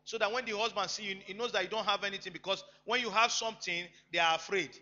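A man preaching a sermon, emphatic, swinging between loud bursts and quiet asides. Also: sits high, steady tone, fast. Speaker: pastor. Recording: echoey hall, dull lo-fi sound, faint music.

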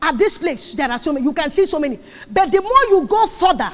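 A woman preaches with a very high voice, pressing her points by repeating them and now and then shouting. Her words ring out in a long reverb that fills a big hall. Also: expressive, quick pace. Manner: emphatic, repeats phrases, sudden shouts. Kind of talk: sermon on marriage.

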